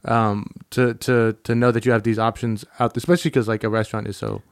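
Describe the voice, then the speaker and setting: Young male podcast host, quick rambling chatter, dry close mic. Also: fairly low pitch, flat delivery, gravelly, clear, resonant tone, dry recording. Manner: rambling, swears, acts out customers. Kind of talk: casual chat.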